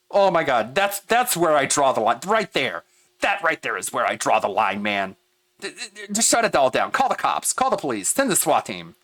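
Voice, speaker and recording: A man streaming, reacting to a video with animated, exasperated commentary, laughing often and swearing. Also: mid-range voice, dry recording.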